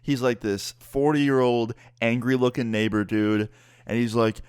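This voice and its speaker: A young man telling a story in a casual, profane and animated vlog style. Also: medium pitch, measured pace, clear, resonant tone, no room sound, clean studio sound. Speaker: vlogger and musician.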